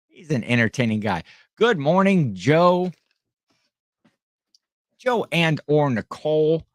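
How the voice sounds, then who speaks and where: A man's voice: fairly high pitch, expressive, slow pace, pauses often, dry recording. Dry-sounding man chatting on a livestream. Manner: rambling, friendly, chatty with viewers. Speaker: livestream host and online reseller. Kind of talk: casual livestream chat.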